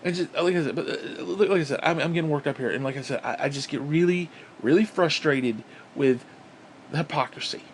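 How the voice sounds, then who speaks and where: A man's voice: on the high side, a little fast, slight background noise. A man from upstate New York delivering an angry, profane, sarcastic political rant on his vlog. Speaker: vlogger.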